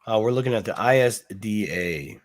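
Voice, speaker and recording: A man's voice: on the low side, normal speed. A man co-hosting a casual livestream chat, rambling and joking as he thinks aloud while browsing a website. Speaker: co-host.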